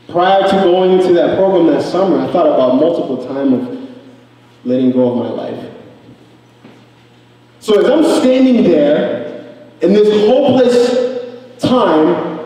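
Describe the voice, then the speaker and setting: A man's voice: a little high, mellow. A young man from Africa giving an emotional personal testimony at an event. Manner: emotional, earnest storytelling. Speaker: speaker. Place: event hall. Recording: echoey hall from far off.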